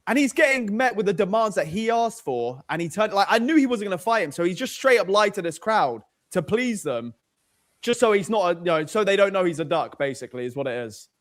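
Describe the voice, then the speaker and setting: Animated high-voiced British man. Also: a little fast. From United Kingdom. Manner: animated, profane, laughing often. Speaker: co-host. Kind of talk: casual chat.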